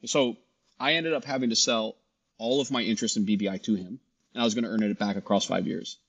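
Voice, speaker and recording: A middle-aged man, a guest in a casual interview, telling his story with animated dialogue and frequent restarts. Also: lowish voice, fast talker, husky, highs cut off. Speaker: guest, shop founder.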